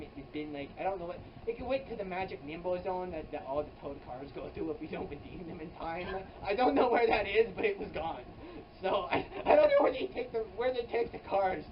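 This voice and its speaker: Improvised comic story, rambling, lots of fillers, exaggerated pitch jumps, camera mic at a distance, faint hum behind. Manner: rambling, filler-heavy, with frequent "like" and restarts. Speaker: comedy vlogger. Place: hot indoor room with an air conditioner running. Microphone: camera mic at some distance. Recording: distant, dull camera audio with faint air-conditioner hum.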